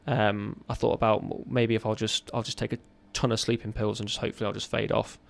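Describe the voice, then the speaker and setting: Gravelly-voiced man, raw storytelling. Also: fairly low pitch, flat delivery. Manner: raw, earnest, halting with restarts. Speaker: podcast guest, ex-serviceman. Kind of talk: candid personal storytelling.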